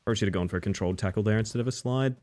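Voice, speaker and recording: A man's voice: lowish voice, very fast, darkish tone, a little hiss or hum. A man live-streaming a game, chatting casually and dryly to his viewers with self-mocking asides. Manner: dry, self-mocking, talks to chat.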